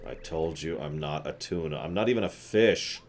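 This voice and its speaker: A man's voice: a bass voice, normal speed, a little hiss or hum. A man voicing a huge, put-upon male whale who complains a lot. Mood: whiny.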